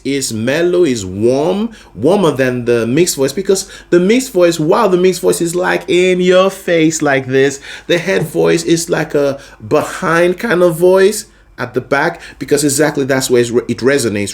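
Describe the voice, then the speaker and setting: A man teaching a singing lesson, explaining vocal registers patiently and often checking that the listener is following. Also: a little high. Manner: explains patiently, often checking in with "you see what I'm saying?". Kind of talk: vocal lesson with sung demonstrations.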